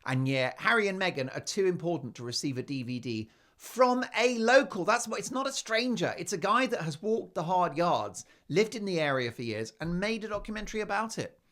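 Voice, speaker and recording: British male talk host, sarcastic and emphatic, higher voice with lively swings in pitch. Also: a little fast, hardly any pauses. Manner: sarcastic, emphatic, swings between loud and quiet. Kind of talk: opinionated monologue.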